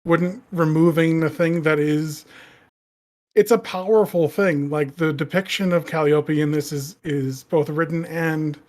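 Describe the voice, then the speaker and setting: A man's voice: a little high, steady tone, unhurried, darkish tone. A man co-hosting a casual podcast discussion, asking probing questions and thinking aloud. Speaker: podcast co-host.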